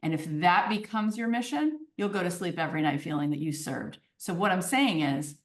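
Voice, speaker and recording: Animated woman telling stories in a roomy space. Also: on the low side, a little fast, recorded from a distance. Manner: animated, keeps checking in with "right?" and "okay?". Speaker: podcast guest. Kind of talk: storytelling in conversation. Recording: roomy echo.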